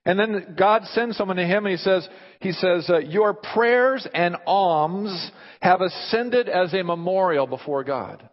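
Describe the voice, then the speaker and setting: Pastor, slightly high voice, animated sermon delivery, long hall reverb, muffled lo-fi audio. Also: male voice, unhurried. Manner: animated, asks the listeners rhetorical questions.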